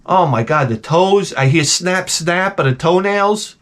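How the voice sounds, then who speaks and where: A middle-aged man telling comedic stories as the host, in an animated, profane, exaggerated ranting style. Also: high voice, a little slow, few pauses. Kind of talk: comedic storytelling rant.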